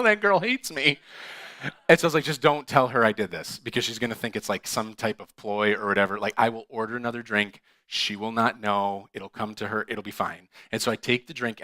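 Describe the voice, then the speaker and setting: Male pastor, lively storyteller, bright tone, dry close mic. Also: fairly low pitch, fast talker, hardly any pauses, no room sound. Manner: animated, acts out dialogue with laughs. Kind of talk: storytelling sermon. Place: church.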